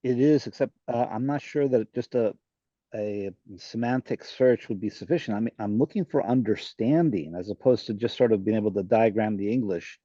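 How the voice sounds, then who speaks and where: A man in the audience asks a question over muffled, dull call audio, his voice low and mellow. He halts and searches for words as he explains what he means. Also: normal speed, no room sound. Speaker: audience member. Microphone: video call.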